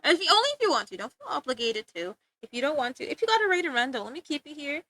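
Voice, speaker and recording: A woman's voice: sits high, sing-song, rapid-fire, pushed and bright, dry recording. A young woman streaming live while drawing, chatting playfully with viewers and giggling often. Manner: giggly, playful, rambling, talks to chat.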